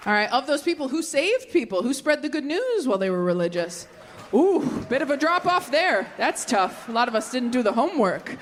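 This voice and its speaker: A woman in her thirties performing a stand-up comedy set, chatting with the crowd in quick conversational asides. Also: sits high, sing-song, background noise. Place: large venue with a live audience. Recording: live show with audience laughter. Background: audience laughter.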